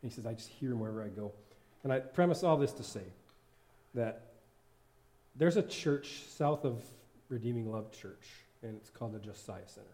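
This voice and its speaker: A man's voice: medium pitch, expressive, moderate pace, dark tone. A man giving an informal sermon in church, rambling and laughing often as he corrects himself. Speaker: worship leader and lay preacher.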